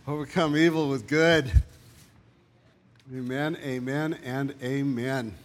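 A man's voice: medium pitch, slow, pauses often, a little hiss or hum. A man preaching a sermon as pastor, conversational and joking with the congregation.

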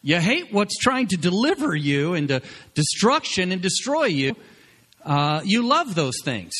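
A man's voice: sits high, sing-song, a little slow, a bit bright, big-room sound, pitched above the performer's own voice, heavily acted. A man voicing a stern male army commander who rebukes a grieving king in a raised, scolding voice, told within a sermon.

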